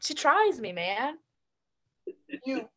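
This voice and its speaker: Animated young woman ranting casually. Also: high voice, extremely slow. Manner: animated storytelling, ranting, heavy use of "like". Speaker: podcast co-host. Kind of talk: casual chat.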